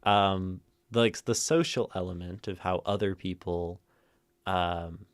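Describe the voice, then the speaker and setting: A man hosting a poetry livestream, thinking out loud to chat, shifting word stress and checking in with "right?". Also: deep voice, steady tone, slow, clear, resonant tone. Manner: thoughtful, tags phrases with "right?"; plays with stress, rereading lines different ways. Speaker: streamer hosting a poetry reading. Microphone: streaming mic and camera.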